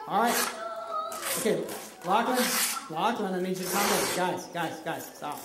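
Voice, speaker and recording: A woman's voice: on the low side, measured pace. A woman teaching in a church children's ministry, directing children through a Bible story skit and acting out lines for them. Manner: animated, coaching, acts out the lines for the children. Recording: echoey room, mic far off, noisy.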